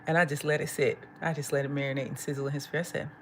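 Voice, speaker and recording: A woman's voice: deep voice, flat delivery, racing, a little hiss or hum. A woman livestreaming from home, telling gossipy stories in casual chat, acting out quotes and laughing often. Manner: laughs often while talking. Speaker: livestream vlogger. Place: at home, eating.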